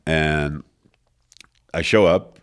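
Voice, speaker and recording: A man's voice: a bass voice, extremely slow, clear, resonant tone. A man interview guest casually telling a long anecdote in a studio, acting out the other people in it and using many fillers. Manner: animated anecdote with quoted voices, filler-heavy. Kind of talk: casual storytelling. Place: recording studio.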